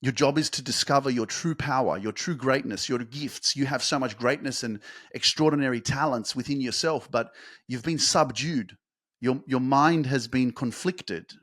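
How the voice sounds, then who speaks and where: A man delivers a motivational podcast monologue at a mid-range pitch, fervent and emphatic. He swears freely for emphasis and climbs into fast, intense bursts. The sound is close and dry, with no room around it. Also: a bit bright, dry recording.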